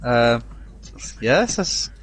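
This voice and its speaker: A man's voice: medium pitch, big pitch swings, extremely slow, fairly bright tone. A man co-hosting a casual podcast, speaking hesitantly. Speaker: podcast co-host.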